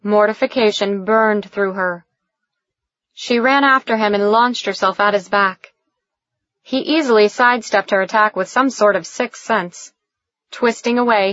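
A woman narrating a romance audiobook in a slow, even storytelling way. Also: medium pitch, dry recording. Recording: dull, lo-fi recording.

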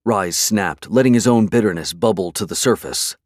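Low-voiced male audiobook narrator. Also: darkish tone, dry recording, studio quality. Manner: measured, dramatic storytelling. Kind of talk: scripted narration.

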